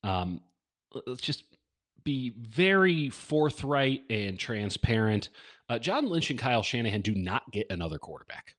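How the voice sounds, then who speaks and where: Guy cohosting a football podcast, dry self-mocking jokes, middle pitch, rambling chat. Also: lively intonation, normal speed, fairly bright tone. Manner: wry, self-deprecating, jokey asides. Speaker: podcast co-host. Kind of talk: casual sports podcast chat.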